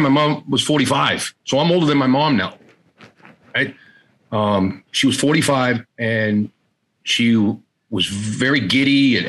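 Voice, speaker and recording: A middle-aged man speaks with a husky, slightly breathy voice at a medium pitch. He talks as an interview guest, telling a personal story in a halting way, repeating words and acting out what his family said. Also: fairly bright tone, low-quality recording.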